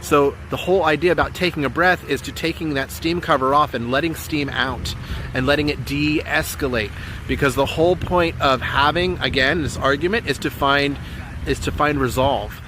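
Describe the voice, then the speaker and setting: A man's voice: on the high side, normal speed, background noise. A man giving an earnest, encouraging coaching talk on relationships, repeating his key points as he goes. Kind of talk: motivational coaching talk to camera.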